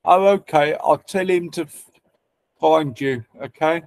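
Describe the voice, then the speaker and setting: A man's voice: fairly high pitch, measured pace, no room sound. Teasing man on a livestream. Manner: teasing, banters with chat, swears freely. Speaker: livestream host chatting with viewers. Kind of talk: casual chat.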